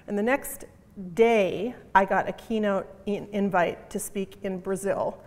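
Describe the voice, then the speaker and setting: A woman's voice: medium pitch, steady tone, a little slow. A middle-aged woman giving a conference keynote talk in an emphatic, punchy way, repeating her key phrases. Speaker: conference speaker. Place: conference hall. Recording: long reverb of a conference hall.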